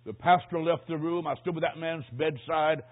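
A man preaching a sermon, with a husky voice pitched a little higher than most men's. He tells his story dramatically, dropping to a hush and then rising to a shout. The recording is thin and tinny, like a phone line. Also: moderate pace.

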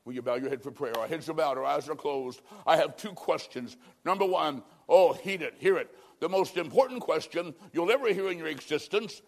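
Guy preaching a revival sermon, pleading, goes loud then real quiet, voice on the high side. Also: fairly quick, few pauses. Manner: pleading, dramatic shifts between loud and hushed. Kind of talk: evangelistic sermon with storytelling.

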